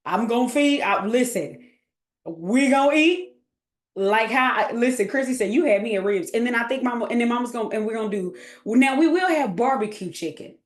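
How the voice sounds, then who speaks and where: A woman's voice: fairly high pitch, animated, brisk, roomy sound. A woman, chatting casually as a coach, goofy and full of laughter. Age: 30s. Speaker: host and coach. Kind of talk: casual livestream chat.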